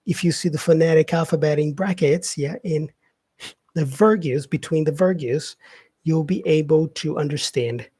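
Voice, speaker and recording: A man giving an unscripted English lesson, adding many "yeah" and "um" fillers and repeating example words slowly. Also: a little high, mellow, breathy edge, no room sound. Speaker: English teacher. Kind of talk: casual spoken lesson.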